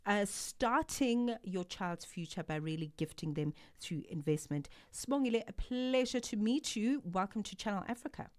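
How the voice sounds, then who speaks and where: A woman hosting a live drive-time radio show from a studio, upbeat and enthusiastic as she introduces a guest. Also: on the low side. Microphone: studio microphone.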